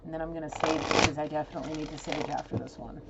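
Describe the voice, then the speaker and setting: A woman's voice: sits low, steady tone, racing. A woman giving a casual tarot reading, emotional, blunt and exasperated as she talks. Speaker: tarot reader. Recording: dull lo-fi sound with clear noise.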